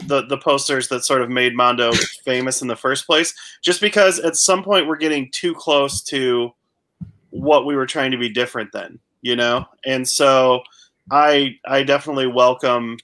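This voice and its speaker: A man's voice: mid-range voice, sharp tone. A man co-hosting a casual chat, thinking aloud in a musing way. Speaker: co-host.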